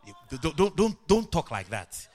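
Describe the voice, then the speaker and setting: A middle-aged man preaching a sermon as pastor, animated, with sudden shouted and sing-song rises. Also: on the high side, moderate pace, faint music behind.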